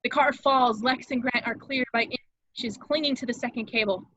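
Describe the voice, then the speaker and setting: Brief: female narrator, dramatic stage-direction reading, bright, slightly high voice, dry, muffled lo-fi mic, amateur table read. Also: steady tone, normal speed, dry recording.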